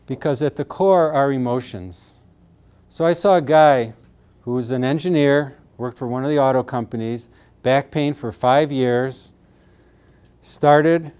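A middle-aged man speaks with earnest conviction about the emotional side of pain. His voice sits at an ordinary male pitch, and his talk is steady and explanatory. He often drops into the words of his patients and acts them out with feeling. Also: clean tone. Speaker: pain therapist.

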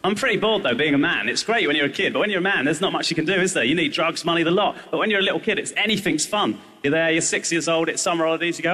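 A man's voice: a little high, quick pace, few pauses, sharp tone, in a large hall. A man doing surreal stand-up comedy, bantering playfully with the crowd and slipping into silly voices.

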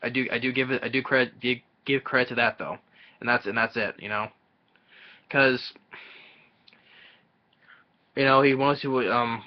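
A man giving a casual, rambling film review, halting often and restarting his sentences. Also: medium pitch. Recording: dull lo-fi audio.

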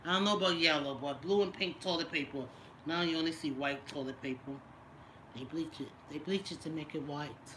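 A middle-aged lifestyle vlogger live-streams a casual vlog, chatting and teasing as she reads viewer comments aloud. Her voice is low and a little fast, with background noise.

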